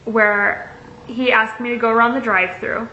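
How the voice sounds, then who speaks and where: A young woman vlogger tells a casual, chatty story and reads messages aloud, swearing freely and peppering her talk with likes and ums. Her voice is a little high and sharp, with little pitch movement and a moderate pace. The recording is echoey and slightly muffled, with a faint hiss or hum.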